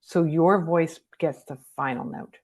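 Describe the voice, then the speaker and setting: A woman's voice: sits low, unhurried, darkish tone. A woman speaking as a podcast guest in a candid conversation, blunt and outspoken, swearing freely and laughing easily.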